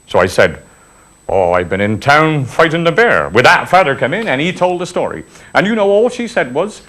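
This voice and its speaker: A man's voice: a little high, big pitch swings, moderate pace, a bit bright. A man, telling an old reminiscence in broad dialect with chuckles. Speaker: storyteller. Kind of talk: spoken reminiscence, folk tale.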